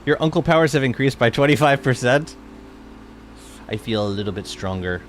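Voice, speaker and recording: Excitable rambling man streamer, lively pitch. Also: a little fast, a little hiss or hum. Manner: excitable, rambling with many restarts. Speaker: game streamer. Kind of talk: casual live-stream chat.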